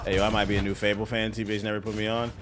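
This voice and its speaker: A man's voice: on the low side, little pitch movement, very fast, music in the background. A young man reacting to a game preview in casual commentary, brash, joking and profane.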